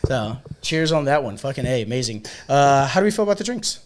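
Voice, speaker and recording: A young male podcast host spinning bar stories in a loose, profane, animated way. His voice sits at an ordinary middle pitch. He talks in a casual, easygoing way. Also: a little fast, a little hiss or hum. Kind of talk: casual storytelling chat.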